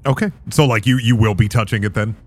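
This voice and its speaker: A man serving as dungeon master, narrating a tabletop game in a calm, descriptive way. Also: fairly low pitch, fast. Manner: calm descriptive narration, casual swearing out of character.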